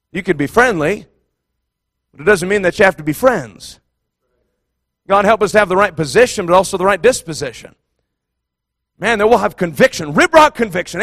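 Fervent high-voiced male preacher. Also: dry recording, clean studio sound. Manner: impassioned and emphatic, repeating phrases, surges to shouts. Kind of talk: fervent sermon.

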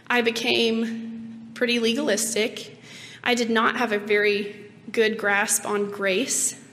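A woman in her late twenties speaks with a hoarse, rough voice that sits a little high. She gives a reflective personal faith testimony, pausing on ums and speaking earnestly. The recording has a long, trailing reverb. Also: a bit bright. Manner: earnest and reflective, with frequent ums and light laughs. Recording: long reverb, faint background noise.

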